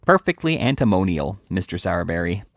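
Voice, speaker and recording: Pompous stout beadle ranting away, a man doing the voice, big pitch jumps, gravelly. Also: sing-song, fairly quick, no room sound, studio quality, heavily acted. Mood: indignant. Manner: blustering, loud and indignant. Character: pompous, corpulent male parish beadle, indignant.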